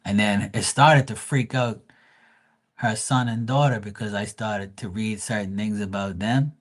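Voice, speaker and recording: A man's voice: fairly low pitch, steady tone, measured pace. A man, a psychic tarot reader on a livestream, telling a story in a loose, profane, rambling way with many restarts. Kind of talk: casual storytelling.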